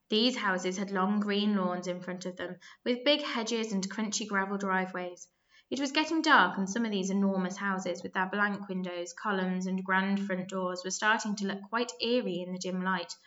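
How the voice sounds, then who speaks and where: A woman with a mid-range voice reads a children's story aloud, lively and expressive, making small slips along the way. The high frequencies in the recording are cut off.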